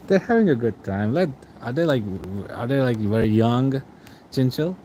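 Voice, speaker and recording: A man's voice: medium pitch, lively intonation, a little slow, mellow, slight background noise, poor audio. A young man streaming late at night, reading out chat and answering in a rambling, casual way with frequent chuckles.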